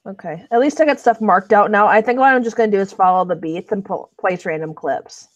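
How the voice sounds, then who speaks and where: A woman's voice: mid-range voice, a little fast, no room sound, highs cut off. Congested young woman on a stream, mid-range voice, teasing and dry, close home mic. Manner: teasing, deadpan quips. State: congested, snuffly. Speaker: livestream co-host. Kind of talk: casual chat while video editing.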